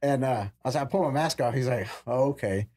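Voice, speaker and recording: Fast-talking man in his forties telling stories. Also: medium pitch, warm tone, no room sound. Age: 40s. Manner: acts out quoted voices, casual swearing. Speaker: podcast guest, firefighter. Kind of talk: casual anecdote telling.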